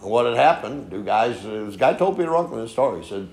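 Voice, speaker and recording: A man preaching a sermon in a folksy storytelling way, peppering his points with "okay?" and swinging from soft asides to loud emphatic lines. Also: medium pitch, lively intonation, fairly quick. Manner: folksy storytelling, frequent "okay?" tag questions. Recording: echoey room.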